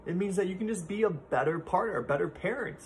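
A man in his thirties whose voice sits a little higher than most men's. He talks alone in a reflective, earnest way, with a faint hiss of noise behind him. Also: fast. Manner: earnest, heartfelt, speaks from personal experience. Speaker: podcast host. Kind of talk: reflective solo talk.

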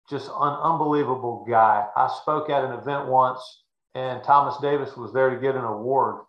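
A man in his sixties, a sports broadcaster, telling stories in a folksy, earnest way. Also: mid-range voice. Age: 60s. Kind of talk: anecdotal storytelling. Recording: echoey, dull room sound.

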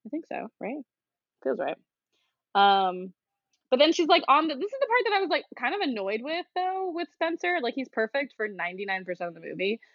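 A woman's voice: high voice, sing-song, brisk, dry recording, lo-fi sound. A woman co-hosting a podcast, recapping a movie in casual chat with dry, sarcastic asides. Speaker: podcast co-host.

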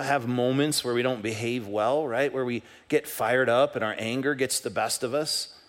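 A man preaching a sermon as pastor, talking in a conversational way and acting out the voices in his stories. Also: medium pitch. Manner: animated, conversational, acts out quoted voices. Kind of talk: sermon with storytelling. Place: church sanctuary.

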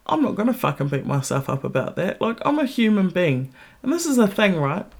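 A woman hosting a podcast who tells a story in a casual monologue, blunt, candid and full of swearing, and grows more animated as she goes. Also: fairly quick, gravelly. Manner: blunt, heavily profane, candid; animated retelling with rising pitch. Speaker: podcast host.

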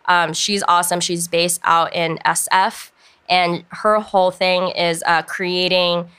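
Bright, smooth young woman chatting casually. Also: lowish voice, little pitch movement, takes it slowly. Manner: chatty, filler-heavy, frequent "um" and "like". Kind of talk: casual podcast chat.

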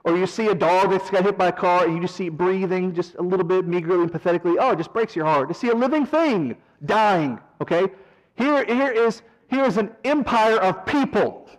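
A man leading a verse-by-verse Bible study, animated, swinging from loud emphasis to quiet asides and mocking mourners in a whiny voice. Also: high voice, brisk, rough recording. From American South. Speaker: Bible teacher.

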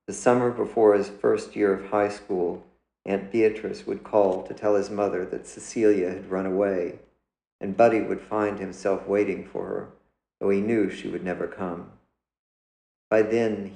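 Deep, gravelly man reading his story. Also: a little mellow, roomy sound, rough recording. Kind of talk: literary reading. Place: indoors.

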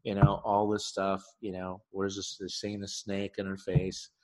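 A man with a fairly low voice tells an animated story on a podcast, full of asides and little detours. He repeats key phrases for emphasis as he talks about relationships like the therapist he is. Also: moderate pace. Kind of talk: podcast monologue.

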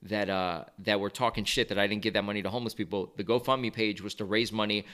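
Man guest, casual storyteller, quick delivery, bright and clear voice. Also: lowish voice. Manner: animated storyteller, acts out quoted voices. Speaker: guest, video creator.

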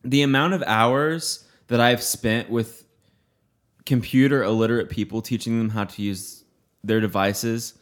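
A man's voice: medium pitch, steady tone, unhurried. Laid-back man, blunt and amused. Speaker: podcast co-host. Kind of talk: casual chat.

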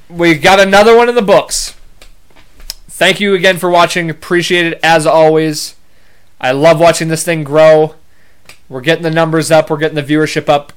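Young man, slightly higher voice, casual rambling storytelling, swears now and then, podcast host. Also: a bit bright, smooth.

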